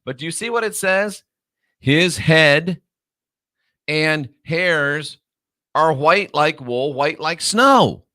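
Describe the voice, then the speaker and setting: A man's voice: on the high side, lively intonation, sharp tone, no echo. Guy lecturing his audience, scornful, drags out the big words, dry close sound. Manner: scornful, lecturing, stretches key words slowly. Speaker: online show host. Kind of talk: lecturing commentary monologue.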